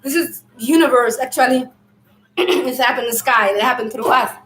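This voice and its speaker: Loud high-voiced woman, roomy echo. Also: moderate pace, a little hiss or hum. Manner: loud, loose and rambling, speaks to viewers as family. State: throat irritated, clears it often. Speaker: spiritual teacher hosting a live stream. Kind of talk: casual spiritual talk on a live stream.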